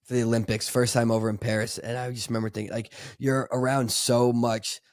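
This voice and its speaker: Co-hosting a podcast, a man talks briskly in a flat, mid-range voice, meandering through casual conversation full of fillers, false starts, and laughs. The studio-quality audio has no echo.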